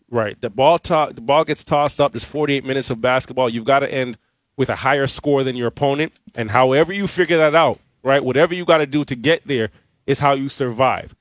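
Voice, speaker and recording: A man's voice: mid-range voice, dry recording. A man on a post-game basketball panel speaking firmly, repeating phrases for emphasis. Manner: firm, preachy, repeats phrases. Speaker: basketball analyst.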